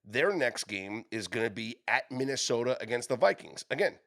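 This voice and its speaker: A man's voice: mid-range voice, lively intonation, moderate pace, creaky, fairly bright tone. A man hosting a sports betting podcast, leading the rundown in a casual chat and often stumbling over repeated words.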